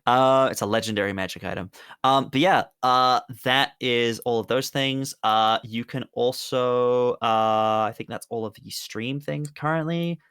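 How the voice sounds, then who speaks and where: A British man, a player on a tabletop game stream, chats casually at the end of the stream while plugging his projects, upbeat, rambling and self-mocking. His mid-range voice is fairly bright and clean, a little slow, in a dry, studio-quality recording.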